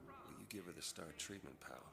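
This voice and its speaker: An actor playing a gruff hard-boiled private eye in a video game, with terse delivery. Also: male voice, sits low, animated, a little fast. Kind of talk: game dialogue. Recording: game audio over loud music.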